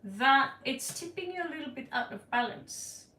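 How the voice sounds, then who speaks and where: A woman's voice: high voice, expressive, normal speed, pushed and bright. A woman giving a casual tarot reading to camera, blunt and playful, laughing and repeating words for effect. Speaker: tarot card reader. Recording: echoey room, voice distant from the mic.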